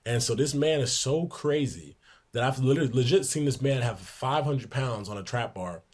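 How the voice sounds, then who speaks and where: A young man in his twenties, a podcast guest, telling lively locker-room anecdotes in a casual way, laughing along. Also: medium pitch, moderate pace, husky. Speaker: podcast guest, pro basketball player. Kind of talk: casual storytelling in a sports podcast.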